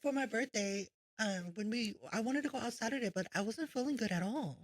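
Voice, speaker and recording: A woman's voice: fairly high pitch, animated, a little fast, dry recording, poor audio. A woman podcast host from Fresno, chatting casually and reading out local history notes, laughing and tripping over names. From Fresno, California.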